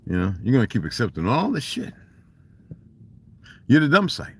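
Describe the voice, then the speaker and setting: A man's voice: mid-range voice, huge pitch swings, moderate pace, a little hiss or hum. A man with a Southern US accent ranting casually and profanely on a livestream, emphatic and laughing often. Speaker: livestream host. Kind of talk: casual rant.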